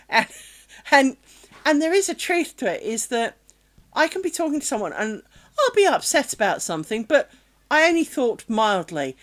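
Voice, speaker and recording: This British woman's voice sits high and swings widely in pitch, at a moderate pace. She's streaming her craft work on a streaming mic, rambling candidly in casual chat, self-deprecating and now and then swearing.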